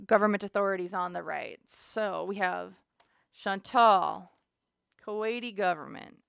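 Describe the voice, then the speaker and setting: A woman's voice: mid-range voice, gravelly, fairly bright tone, clean tone, no room sound, clean studio sound. A woman hosting a casual tarot reading, chatty and dramatic, thinking aloud as she goes. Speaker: tarot reader host.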